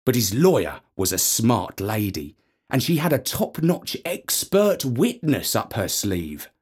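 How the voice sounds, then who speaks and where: A man narrating a storybook in an expressive, playful reading. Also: medium pitch, a little slow, husky.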